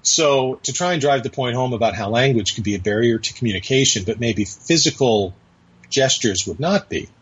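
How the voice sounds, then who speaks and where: A podcast guest tells a long, rambling anecdote full of hesitations in a casual storytelling conversation. His mid-range voice is husky and animated, at a moderate pace, on dull lo-fi audio.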